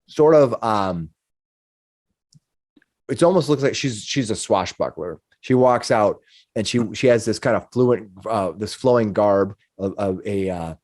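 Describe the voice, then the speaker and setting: Low-voiced man running a tabletop game. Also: darkish tone, no room sound, clean studio sound. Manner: halting, many restarts and fillers. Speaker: game master. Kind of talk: narrating and voicing townsfolk in a tabletop game.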